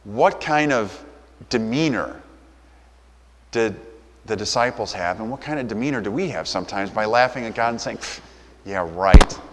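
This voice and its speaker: A man's voice: on the low side, moderate pace, pauses often, a little hiss or hum. A man preaching a sermon as a pastor, speaking in a loose, conversational way and briefly acting out the voices of the people in his story. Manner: conversational, acts out quoted voices. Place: church. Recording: reverberant church hall.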